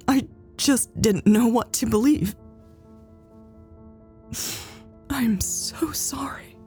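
A woman voicing Elle, a remorseful, emotional adult woman, with a soft, slightly raised, tearful delivery. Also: on the low side, unhurried, creaky, faint music behind.

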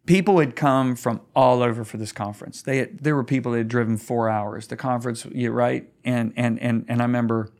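Middle-aged man, a pastor telling a story, earnest and emphatic, mid-pitched voice that climbs when stirred. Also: fairly even intonation, fairly quick, few pauses, darkish tone. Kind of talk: storytelling in a conversation.

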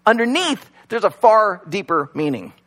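A man's voice: high-pitched, big pitch swings, normal speed, fairly bright tone. A man preaching a sermon in a conversational, joking way, full of "like" and "you know", at a church service that is also streamed online. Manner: conversational, joking, many fillers. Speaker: pastor.

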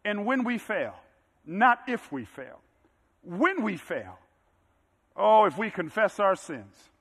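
A man preaching a sermon in a bright, high tenor that cuts through the room. He climbs steadily toward forceful, emphatic peaks. His voice carries a long hall reverb around it. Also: very animated, takes it slowly, slightly rough. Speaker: pastor.

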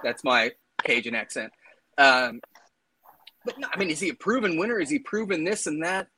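A man's voice: a little high, expressive, moderate pace, sharp tone, breathy edge, poor audio. A man co-hosting a casual sports talk show, opinionated and laughing as he argues his points. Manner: opinionated, laughs while arguing. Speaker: co-host.

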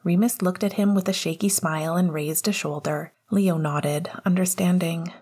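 A woman narrating an audiobook in a soft, breathy way. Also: fairly low pitch, steady tone, moderate pace, few pauses. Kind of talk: scripted narration.

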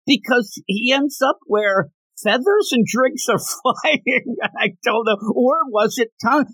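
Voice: mid-range voice, a bit bright, slightly rough, no echo. A podcast co-host in casual chat, animatedly retelling comic panels and joking about them.

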